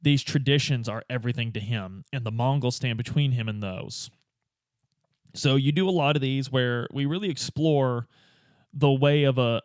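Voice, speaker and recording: A man hosting a podcast, retelling a game's story in an animated, casual way. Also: mid-range voice, normal speed, clean tone, dry recording. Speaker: podcast host.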